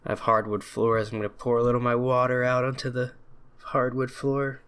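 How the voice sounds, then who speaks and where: A man's voice: mid-range voice, completely flat delivery, brisk, fairly bright tone, clear, resonant tone. A man hosting a let's play, reading the game text aloud and adding joking, sarcastic asides, often flustered by the menus.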